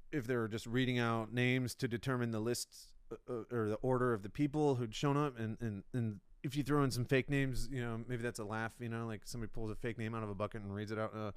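A man's voice: mid-range voice, fairly even intonation, quick pace, clean tone, dry recording, clean studio sound. A man, a comedian, rambling through a solo podcast monologue in a self-mocking way, with lots of restarts.

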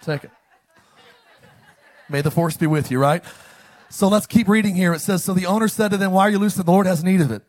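Man, pastor, preaching a sermon, high voice, call-and-response, animated. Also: a little fast, long pauses, some chatter behind. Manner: call-and-response, animated with sudden loud lines.

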